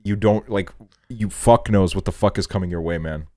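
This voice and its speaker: Young guy from estonia hosting a podcast, lowish voice, swears a lot, chill chat. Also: normal speed. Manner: loose and profane, animated when quoting himself. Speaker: podcast host. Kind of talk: casual chat.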